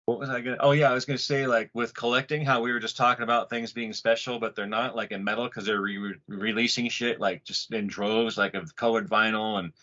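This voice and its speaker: Low-ish dude cussing and rambling on a podcast, dull lo-fi audio. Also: male voice, a little fast, hardly any pauses. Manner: profane, rambling, animated. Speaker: podcast co-host. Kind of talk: casual chat. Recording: muffled lo-fi audio.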